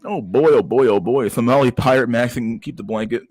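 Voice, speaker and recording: A man's voice: mid-range voice, normal speed, darkish tone, slightly rough, soft background music. A man casually commenting on memes on a livestream, profane and rambling, with frequent stammered restarts. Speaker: streamer reacting to memes.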